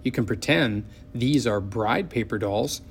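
A man voicing a confident, friendly young schoolgirl who talks in a coaxing, lively way in a storybook reading. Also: mid-range voice, measured pace, vocal fry, a little hiss or hum.

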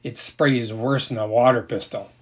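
Man voicing a shy country boy, mumbling, awkward, husky. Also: medium pitch, steady tone, moderate pace, close to an everyday voice. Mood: warning.

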